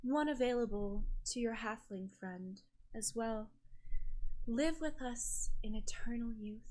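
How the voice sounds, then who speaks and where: A woman voicing a tall, possessive spellcaster who speaks softly, intimately and with quiet menace. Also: a little high, unhurried, close to an everyday voice. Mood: silky menacing.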